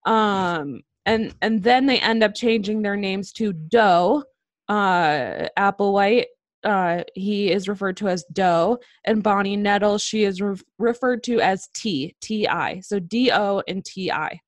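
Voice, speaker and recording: A woman co-hosting a casual podcast, telling a story with many pauses, ums and restarts. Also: mid-range voice, no room sound. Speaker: podcast co-host telling a true-crime story.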